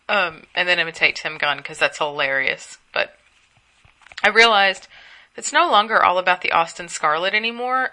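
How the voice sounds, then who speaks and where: A woman's voice: lowish voice, brisk, sharp tone. A sleepy young woman chatting casually at home as a solo podcast host, gossiping and rambling with asides. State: sleepy, yawning.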